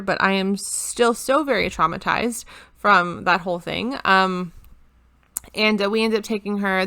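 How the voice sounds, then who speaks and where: A woman's voice: medium pitch, sharp tone, clear, resonant tone. A woman chatting to camera at home in a casual planner vlog, rambling with frequent ums and restarts. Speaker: planner vlogger.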